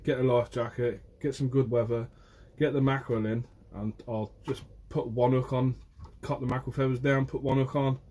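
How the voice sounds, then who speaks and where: A man's voice: medium pitch, level tone, moderate pace, few pauses, warm tone. A young man from Guernsey, a fisherman chatting casually on a phone live stream and answering viewers by name. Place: outdoors by the shore.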